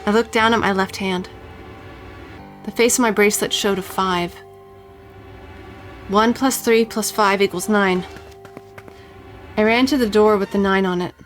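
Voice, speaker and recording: A young woman streams a visual novel, reading its text aloud and reacting bluntly with swearing. Her voice sits at a middle pitch. Soft game music plays behind her. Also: fairly even intonation, measured pace, pauses often.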